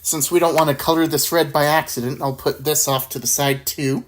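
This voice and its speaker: A woman's voice: sits low, steady tone, fairly quick, slight background noise. A woman hosting a casual miniature painting tutorial, laid-back and thinking aloud, with frequent chuckles. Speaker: miniature painting channel host.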